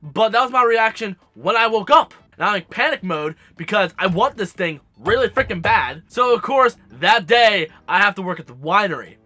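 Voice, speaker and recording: A young man telling a story to his viewers in a casual, animated way, sassy and cursing freely. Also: high voice, normal speed, hardly any pauses, no echo. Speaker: gaming vlogger.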